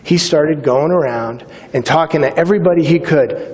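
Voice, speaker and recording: Middle-aged male keynote speaker, animated storyteller who acts out the dialogue, reverberant hall. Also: fairly high pitch, normal speed, few pauses. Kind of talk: motivational speech with stories.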